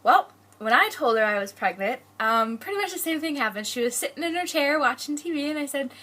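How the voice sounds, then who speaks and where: Bright-voiced young woman vlogging. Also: high voice, lively intonation, a little fast. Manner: chatty, laughs often, acts out family voices. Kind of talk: casual storytelling vlog.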